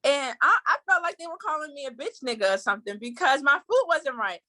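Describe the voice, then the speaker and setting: A woman guest on a casual podcast telling excitable, loud stories. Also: sits high, brisk. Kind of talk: casual chat.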